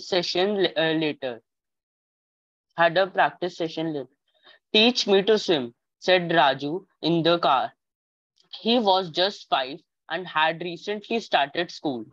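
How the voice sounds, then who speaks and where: Slow, halting woman reading a story. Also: on the low side, fairly bright tone, no echo. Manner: halting, stumbling reading with frequent pauses and self-corrections. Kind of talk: reading a children's story aloud. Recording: dull lo-fi dry recording.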